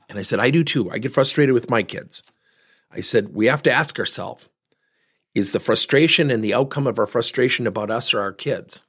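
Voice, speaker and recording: A man's voice: medium pitch, a little fast, fairly bright tone, husky. A man, a coach, telling a story to parents in a frank, plain-spoken way, acting out the lines of the people in it. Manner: acts out quoted dialogue with shifting voices. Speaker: volleyball coach and podcast host.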